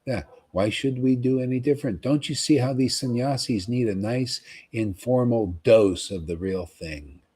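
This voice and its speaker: A man giving an informal, rambling devotional talk to followers, often pausing to ask "see?" and repeating himself. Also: mid-range voice, warm tone, breathy edge. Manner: conversational, rambling, repeats words and asks "see?". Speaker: spiritual teacher.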